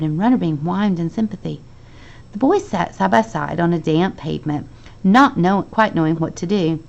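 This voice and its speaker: A woman teacher reading a children's novel aloud to her class, expressive and lively, with the dialogue acted out. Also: lowish voice, gravelly, dull audio.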